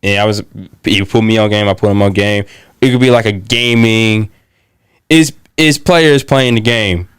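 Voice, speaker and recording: A man's voice: lowish voice, clean tone, no room sound, clean studio sound. A young man guesting on a podcast as a gaming creator, earnest and plain-spoken in casual chat. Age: young adult. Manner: earnest, plain-spoken slang, halting restarts.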